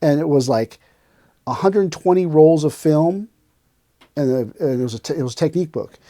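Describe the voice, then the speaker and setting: A man's voice: a little high, moderate pace, mellow, dry recording, studio quality. A man hosting a podcast, telling stories in casual chat and acting out scenes with sound effects and quoted voices. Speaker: podcast host.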